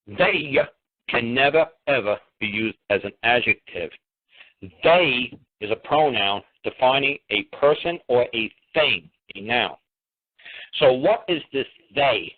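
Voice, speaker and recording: A man lecturing on a call-in radio show, combative and blunt, hammering listeners with repeated rhetorical questions and swearing. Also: mid-range voice. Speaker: radio talk show host. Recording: tinny phone-line radio audio.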